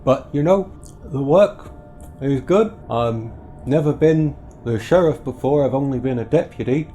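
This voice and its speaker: A man's voice: medium pitch, measured pace, warm tone, soft background music, voice pushed up, natural voice. A man voicing a nervous, folksy frontier deputy who talks in a hesitant, cheerful bluff.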